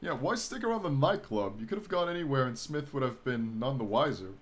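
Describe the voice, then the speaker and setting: A man's voice: medium pitch, fairly quick. A young man hosting a gaming video, reading a text game aloud and joking as he reacts. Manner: animated, joking, reacts with laughter. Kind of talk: playing and commenting on a text game.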